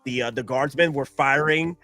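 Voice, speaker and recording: A man hosting a casual stream chat who talks in an excitable, rambling way and laughs often. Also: medium pitch, normal speed, soft background music. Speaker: streamer host.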